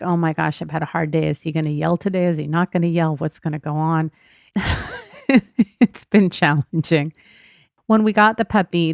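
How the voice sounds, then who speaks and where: A woman's voice: sits low, creaky, no room sound, clean studio sound. A middle-aged woman hosting a podcast, telling a personal story in a candid, reflective way. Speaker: podcast host.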